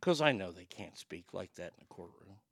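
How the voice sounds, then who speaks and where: A man's voice: low-pitched, animated, moderate pace, gravelly, dry recording. A man hosting a show and ranting in blunt, profane commentary, acting out quoted exchanges. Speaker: podcast host.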